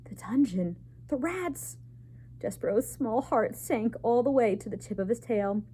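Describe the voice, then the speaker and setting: Expressive woman reading a storybook. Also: a little high, unhurried, slight background noise. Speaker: children's librarian. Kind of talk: reading a chapter book aloud.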